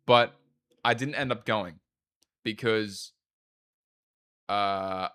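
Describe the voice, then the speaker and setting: A man's voice: fairly low pitch, sharp tone, smooth. A man with an Australian accent chatting casually as a livestreamer, rambling and swearing freely. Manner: rambling, profane, quick asides. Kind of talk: casual stream chat.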